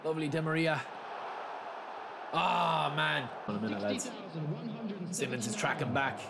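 Brief: young male gaming host, chatty commentary that flares into shouting, noisy background. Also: fairly high pitch, measured pace, creaky. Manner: chatty, swings to loud excited shouting. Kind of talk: live gameplay commentary. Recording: steady background noise.

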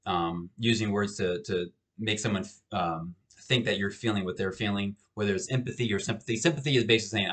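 A man's voice: on the low side, fast talker, hardly any pauses, a bit bright. A man lecturing on communication in a recorded class video, explaining with frequent restarts and fillers. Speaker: college lecturer.

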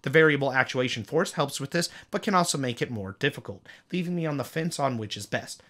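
A man giving a scripted product review, listing specs briskly with playful asides. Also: mid-range voice, expressive, fairly bright tone. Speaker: tech reviewer.

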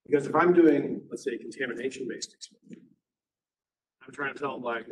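A man, a university professor, telling stories in a casual classroom lecture, acting out the people in them in quick put-on voices. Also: mid-range voice, a little hiss or hum, poor audio.

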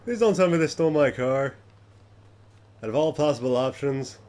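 A young man giving casual gameplay commentary, swearing often and muttering to himself, then yelling at other players. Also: mid-range voice, animated, normal speed.

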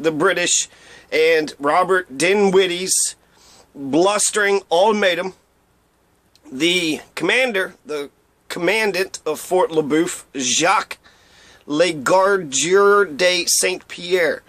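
A man with a high voice tells history in a loose, irreverent way, dropping blunt asides and tripping over names before trying them again. It is a dry recording, close and with no room sound. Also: a bit bright, no room sound. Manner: stumbles over and repeats names. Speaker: history presenter. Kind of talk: casual spoken history lesson.

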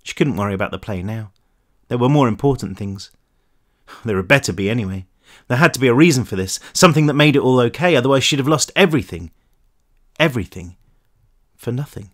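Author reading his book aloud, animated narrator. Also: medium pitch, a little fast, long pauses. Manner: lively, expressive storytelling. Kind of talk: audiobook narration.

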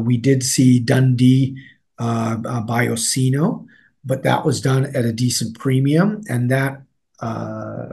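A man with a gravelly, husky voice talks casually as an interview guest. His sentences ramble and trail off, full of fillers and restarts. His pitch sits in the middle. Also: darkish tone. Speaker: newsletter editor, interview guest.

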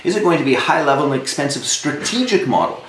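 A man's voice: fairly high pitch, big pitch swings, fast talker, fairly bright tone, slight background noise. A man from Saskatchewan, a business coach giving a blunt, emphatic live-streamed coaching talk, swearing when worked up. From Saskatchewan, Canada. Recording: roomy echo with faint ambience.

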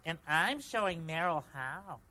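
Casting: a big childlike male bird puppet, gentle and helpful, slow unhurried delivery, pitched high. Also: animated, noisy background. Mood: cheerful. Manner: gentle, eager to help.

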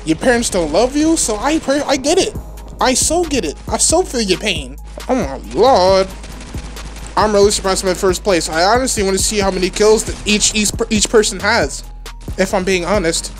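A woman giving live gameplay commentary as a gaming channel host, excitable and rambling, trash-talking opponents. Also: on the low side.

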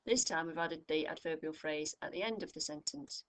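A woman tutor from the United Kingdom walks through a grammar lesson in a slightly low voice. She speaks clearly and patiently, leaning on each example phrase so learners catch it. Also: animated, moderate pace, hardly any pauses, fairly bright tone. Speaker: English tutor.

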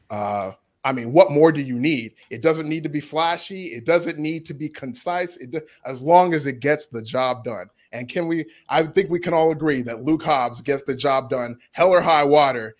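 A man's voice: a little high, moderate pace, hardly any pauses. A man making a rambling, emphatic case in a casual podcast debate.

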